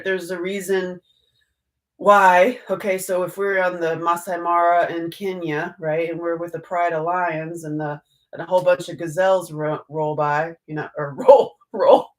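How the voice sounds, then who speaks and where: A woman host giving a casual live teaching talk, animated and joking, with many restarts and fillers. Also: on the low side, poor audio.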